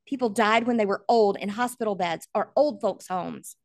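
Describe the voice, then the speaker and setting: A woman's voice: medium pitch, normal speed, darkish tone, dry recording. A woman narrating a novel aloud in an earnest, emotional way. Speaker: audiobook reader.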